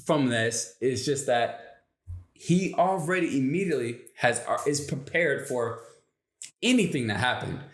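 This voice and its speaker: A man's voice: medium pitch, roomy sound. A man hosting a motivational channel, telling a story in a casual, rambling way and acting out the lines he quotes.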